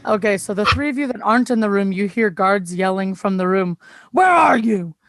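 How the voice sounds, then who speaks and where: A woman narrating a tabletop game as game master, relaxed and hesitant, with many pauses. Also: medium pitch, no room sound.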